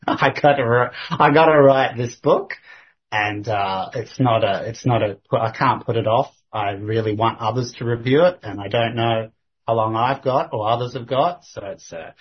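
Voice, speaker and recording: A man casually recounting a conversation, animated and laughing, often restarting his sentences. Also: mid-range voice, normal speed, breathy edge. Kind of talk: casual personal storytelling. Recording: dull lo-fi recording.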